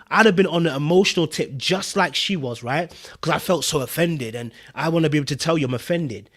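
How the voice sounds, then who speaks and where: Emphatic man, fairly high voice. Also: expressive, quick pace. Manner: emphatic, repeats points, keeps checking in with "right?". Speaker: podcast host. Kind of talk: casual commentary.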